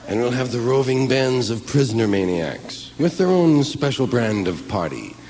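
A man doing a stand-up comedy routine, telling rambling, profane, animated stories. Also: medium pitch, moderate pace, in a large hall.

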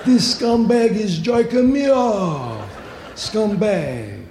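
A man voicing a brash male street tough who sneers, drawing his words out slowly and loudly. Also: high-pitched, animated, reverberant, a little hiss or hum, pitched above the performer's own voice, exaggerated voice. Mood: scornful. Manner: slow, drawn-out, loud, sneering.

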